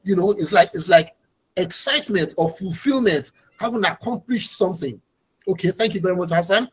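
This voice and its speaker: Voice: medium pitch, expressive, a little fast, breathy edge, rough recording. An instructor, giving an online training lecture over a video call in a patient, explanatory way and repeating key points.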